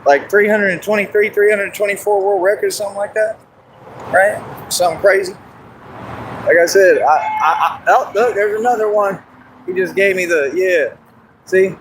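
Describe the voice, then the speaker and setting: A brash, boastful man with a high-pitched voice talks on a phone livestream outdoors in a park, laughing often and going hoarse. Faint background hiss sits under him. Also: steady tone, normal speed. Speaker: street performer in costume. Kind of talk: casual livestream chatter.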